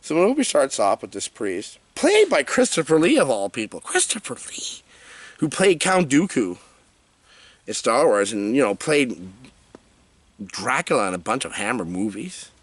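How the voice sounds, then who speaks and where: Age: adult. Sex: man. Role: movie reviewer. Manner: jokey, animated. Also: mid-range voice, normal speed, dry recording. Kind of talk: comedic movie review rant.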